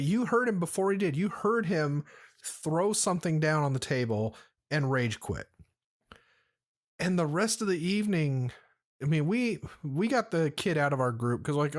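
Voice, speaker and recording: A man hosting a podcast, telling a story in a rambling, profane, laid-back way while drinking. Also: a little high. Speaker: podcast host. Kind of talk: casual storytelling chat.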